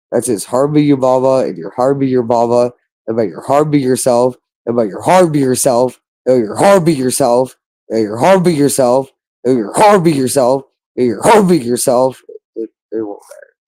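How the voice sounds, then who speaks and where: A man's voice: mid-range voice, mellow. A man delivering a rambling monologue, insistent and repetitive, stretching out words for emphasis.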